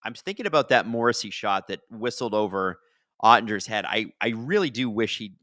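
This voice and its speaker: A man hosting a live hockey watch-along, chatting and reacting loudly to plays. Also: on the low side, expressive, fairly quick, no echo, clean studio sound.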